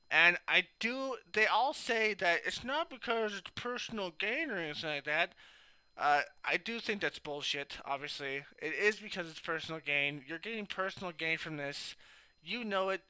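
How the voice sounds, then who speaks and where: A man's voice: a little high, animated, normal speed, pushed and bright, smooth, dry recording. A man talking casually in a commentary vlog, rambling and sarcastic with lots of fillers. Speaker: YouTube commentator.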